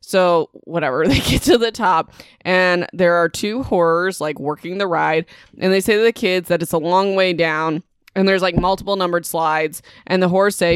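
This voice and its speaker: Chatty woman doing a casual book recap, smooth clear voice, dry close sound. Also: lowish voice, moderate pace, no echo. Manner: chatty, lots of fillers and asides. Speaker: podcast host.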